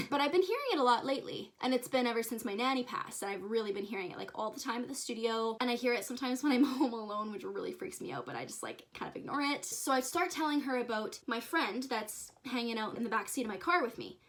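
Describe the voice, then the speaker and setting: A woman's voice: on the high side, quick pace. Chatty young woman telling a ghost story. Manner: excitable, chatty, lots of "like" and "you guys". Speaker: vlogger and dance teacher. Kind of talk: casual storytime to camera.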